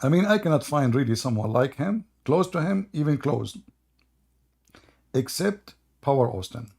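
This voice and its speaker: A man's voice: mid-range voice, animated, moderate pace, creaky, darkish tone, breathy edge. A man hosting a casual livestream chat, joking and mocking, with a tired voice. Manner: mocking, joking, laughs at his own stories. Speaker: host.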